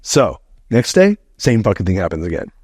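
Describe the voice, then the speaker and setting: A man's voice: lowish voice, moderate pace, no room sound, studio quality. A middle-aged man, a podcast guest, telling a story in a casual, rambling way, swearing freely and saying "like" often. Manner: animated, rambling, heavy use of "like", swears freely.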